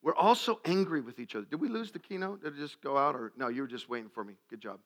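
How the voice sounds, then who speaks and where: A man preaching a sermon to a live audience, asking questions and rising to loud, emphatic peaks. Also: medium pitch, lively intonation, fast talker. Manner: asks the crowd questions, gets loud and shouting at climaxes. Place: live event before an audience.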